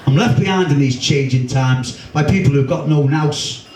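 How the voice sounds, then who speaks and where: A man's voice: medium pitch, moderate pace, darkish tone. A man with a Liverpool accent performing his own rhyming comic poems for a live audience in a pub. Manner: rhythmic, rhyming delivery with wry humour. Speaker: poet and performer. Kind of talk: live comic poetry recital. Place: pub function room. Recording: echoey room, distant mic, faint hum.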